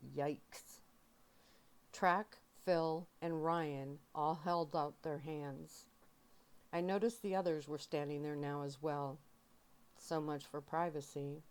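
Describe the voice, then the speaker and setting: A woman reads a novel aloud in a soft-spoken ASMR style. Her voice sits low and moves slowly, carrying quiet emotion through the first-person story. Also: steady tone, clean tone. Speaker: audiobook reader.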